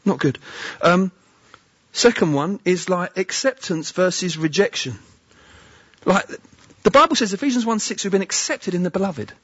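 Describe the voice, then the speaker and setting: A man's voice: sits high, lively intonation, normal speed, a bit bright, husky, dry recording, muffled recording. A man preaching a conversational sermon, often asking the listeners questions. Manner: chatty, asks the listeners questions.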